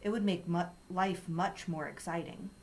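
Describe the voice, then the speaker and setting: Lady reading as a dry dramatic kid sister, low-key and quiet. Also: normal speed, slight background noise, lightly acted. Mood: deadpan. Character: playful, dramatic young girl, the big sister.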